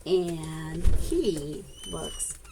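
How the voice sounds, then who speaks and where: A woman reading a picture book aloud to children, her pitch leaping around animatedly. She takes her time and talks to the little listeners directly, gasping at every surprise. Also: drawn-out words, noisy background. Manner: expressive, child-directed, frequent gasps; talks directly to young viewers. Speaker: children's story reader.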